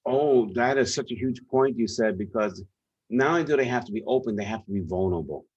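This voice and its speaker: A man's voice: medium pitch, animated, a little fast, a little mellow, breathy edge, no room sound. New york guy on a podcast, emphatic storyteller, dull dry lo-fi sound. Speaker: guest, leadership author and speaker. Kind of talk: conversational interview.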